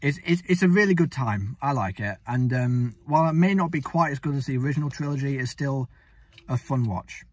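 Husky young man chatting about films. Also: mid-range voice, brisk, dry recording, studio quality. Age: young adult. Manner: relaxed, hesitant with restarts. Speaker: film review co-host. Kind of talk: casual film review chat.

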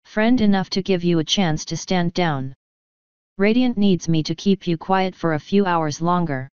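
A woman's voice: lowish voice, normal speed, darkish tone, clear, resonant tone, dry recording, muffled recording, close to an everyday voice. A woman reading as a blunt griffon mercenary. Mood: regretful. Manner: blunt, offhand. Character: female griffon mercenary, tough, blunt and casual.

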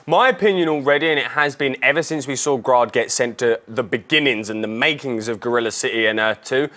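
A male co-host of a fan after-show with a voice of ordinary, mid-range pitch. He talks fast and casually, trading jokes and cutting in on his partner's sentences as ideas pile up. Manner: animated, jokey, talks over his co-host.

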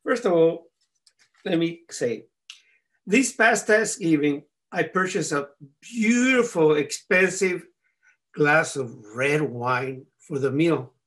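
A man delivering a humorous contest speech in a high, bright register. His pitch leaps around animatedly, and he keeps tossing "right?" at the audience. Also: slow pace. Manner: animated, often tags "right?". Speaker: contest speaker.

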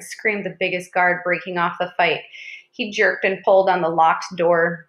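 Female audiobook narrator, mid-pitched voice, reads with small stumbles, echoey room. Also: a little fast, fairly bright tone. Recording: roomy echo.

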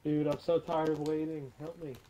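A man's voice: on the high side, little pitch movement, moderate pace, mellow, low-quality recording. A man chatting while playing a video game, impatiently telling his friend what to do next. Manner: impatient, bossy instructions. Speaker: gamer. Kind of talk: casual gaming chat.

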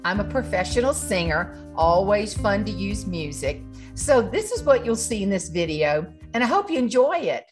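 A woman of middle pitch introduces her video, talking straight to the viewer. Music plays clearly beneath her voice the whole time. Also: sing-song, normal speed, few pauses. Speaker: professional speaker and singer. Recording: music playing underneath.

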